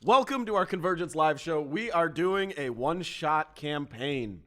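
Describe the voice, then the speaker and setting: A man's voice: fairly high pitch, lively intonation, normal speed, a bit bright. A man running a live tabletop game as game master, narrating the scene and laughing as he goes. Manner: laughs through his narration.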